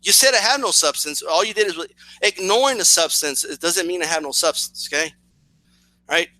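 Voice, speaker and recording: Sarcastic man with a sharp, high voice. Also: moderate pace, a little hiss or hum, low-quality recording. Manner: repeats and restarts, keeps asking "right?"; sarcastic and challenging. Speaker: boxing commentary channel host. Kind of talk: confrontational video response.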